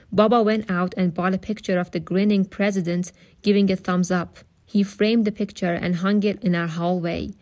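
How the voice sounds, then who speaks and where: Female reader of novels aloud, calm and steady narration, mid-range voice. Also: medium pitch. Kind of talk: audiobook-style reading.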